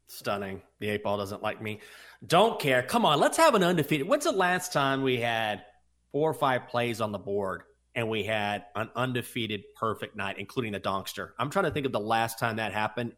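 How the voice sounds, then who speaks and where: Male betting show co-host, casual and self-mocking, very lively delivery. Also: fairly low pitch, normal speed. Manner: animated, self-deprecating banter. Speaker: sports betting podcast co-host. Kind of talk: casual sports betting chat.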